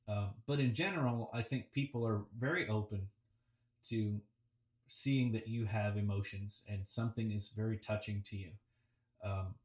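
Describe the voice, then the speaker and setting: A man's voice: fairly low pitch, a little mellow. Man, coaching talk, reflective, lots of ums, video call, roomy echo. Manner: reflective, easygoing, with frequent ums and restarts. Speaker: public speaking coach. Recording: roomy and distant from the mic.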